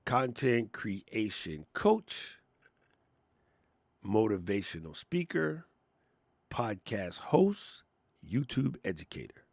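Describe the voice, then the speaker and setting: A man with a low, gravelly voice hosts a live question-and-answer stream and talks in loose, slangy, lively bursts. The sound is dry and close, with almost no room in it. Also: takes it slowly, long pauses, no echo. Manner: animated, slangy, chatty. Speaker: host of a live creator Q&A. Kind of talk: casual live-stream chat.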